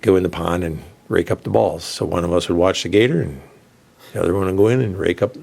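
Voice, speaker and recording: A middle-aged radio host from the southern United States tells a long, rambling story in a casual way, laughing as he goes. His low voice moves at a quick pace and sounds gravelly and husky, with a slightly mellow quality.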